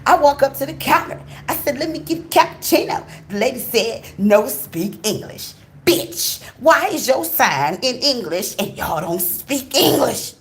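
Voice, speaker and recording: A woman from the USA, hosting her channel and telling a casual story in a blunt, profane, expressive way straight to her viewers. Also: high-pitched, a little slow. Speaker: channel host.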